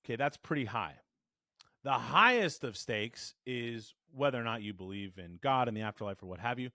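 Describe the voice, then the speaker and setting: A man teaching a voice lesson to camera, animated and demonstrative, shifting his resonance to show the difference. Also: medium pitch, moderate pace, dry recording, studio quality. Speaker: voice coach. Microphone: studio microphone.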